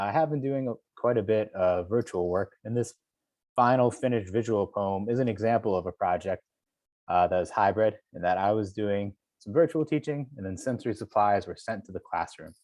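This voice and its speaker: A man's voice: fairly low pitch, a little fast, a little mellow, dry recording, studio quality. A man, a poet, leading a virtual workshop for teachers over a video call, encouraging them and counting beats aloud.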